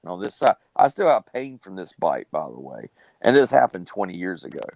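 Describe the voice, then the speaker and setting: Low-voiced man telling a rambling story. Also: sing-song, brisk, vocal fry, darkish tone, a little hiss or hum, poor audio. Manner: drawling, rambling with many fillers and restarts. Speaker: live stream host. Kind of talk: casual storytelling on a live stream.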